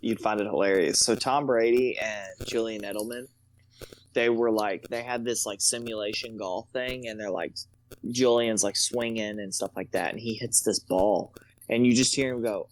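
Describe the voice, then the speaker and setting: A man's voice: fairly low pitch, moderate pace, no echo. A man co-hosting a casual sports podcast, swearing freely and rambling through anecdotes. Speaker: podcast co-host.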